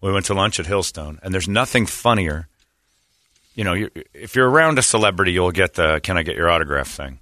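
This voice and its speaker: On his radio program, a man spins a casual story with animation, voicing each person he quotes. The low-pitched voice moves briskly, in studio-quality audio with no echo.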